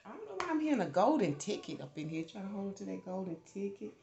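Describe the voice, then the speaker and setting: A woman giving a casual tarot reading, chatty and animated, swearing freely when she gets worked up. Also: mid-range voice, fast, gravelly, reverberant, lo-fi sound. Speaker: tarot reader.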